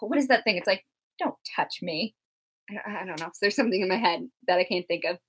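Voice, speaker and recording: A woman's voice: mid-range voice, rapid-fire, slightly rough. A young woman co-hosting a live show discussion, chatty and giggly, reading out viewer comments. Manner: chatty, giggly, filler-heavy. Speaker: co-host.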